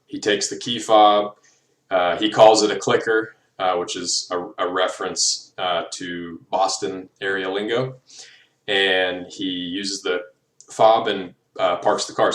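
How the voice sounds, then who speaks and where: In an echoey room, a young man gives a class presentation, his low-pitched but fairly bright voice picked up from a distance. He sounds hesitant and fills his speech with lots of ums and uhs.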